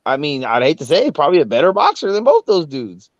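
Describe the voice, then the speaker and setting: A man's voice: fairly high pitch, big pitch swings, fast talker, no echo. A man co-hosting a casual boxing talk show, in laid-back slangy banter. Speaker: podcast co-host. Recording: dry, dull lo-fi sound.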